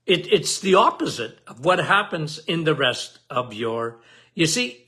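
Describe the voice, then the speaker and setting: A man's voice: a little high, bright, forceful tone. A man hosting a health podcast, explaining in an emphatic, repetitive way and asking the listener questions.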